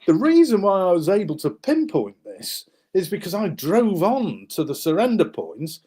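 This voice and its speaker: A high-pitched male voice with a breathy edge, at a moderate pace, belongs to a guest author vividly recounting a wartime story as he shows maps. He acts out the people in it, and his speech includes many fillers and restarts.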